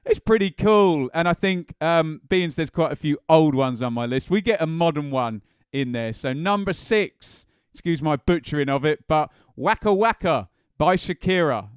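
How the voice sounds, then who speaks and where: A man's voice: a little high, expressive, moderate pace, clean tone, no echo, studio quality. An Englishman hosting a casual ranked countdown, chatty and enthusiastic, with frequent ums. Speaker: music and football channel host.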